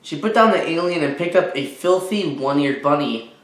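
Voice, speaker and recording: A man's voice: fairly high pitch, expressive, moderate pace. Man reading a storybook aloud to kids. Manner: gentle, chatty teacherly asides. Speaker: children's story reader. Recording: roomy echo.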